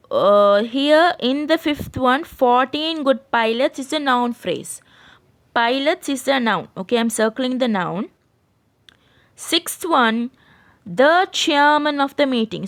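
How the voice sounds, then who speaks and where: Patient woman teaching a grammar lesson. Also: on the high side. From Sri Lanka. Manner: explains patiently, keeps checking with "right?". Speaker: English teacher. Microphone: screen-share voice recording.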